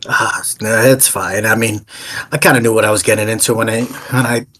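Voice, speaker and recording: A man's voice: fairly low pitch, fairly even intonation, a little fast, sharp tone. A man doing a beaten-up breezy merchant. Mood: shrugging. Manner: brushes things off, casual and chatty. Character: battered, cheerful male merchant ally.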